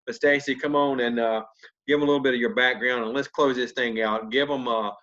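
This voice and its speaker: A man's voice: mid-range voice, fairly even intonation, brisk, sharp tone. A man hosting a video call, giving upbeat motivational encouragement. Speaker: host. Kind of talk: motivational talk. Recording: dull lo-fi video call audio.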